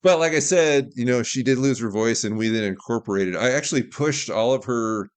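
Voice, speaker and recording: A filmmaker from Alaska, guesting on a casual podcast, talks fairly quickly in a clean, mid-range male voice. He shares candid, opinionated behind-the-scenes stories, working through anecdotes.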